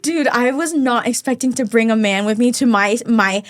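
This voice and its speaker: Brief: young woman guest, slightly high voice, animated anecdote teller who plays out every line of dialogue. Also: moderate pace, few pauses. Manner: animated, acts out quotes in storytelling. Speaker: podcast guest. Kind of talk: casual storytelling.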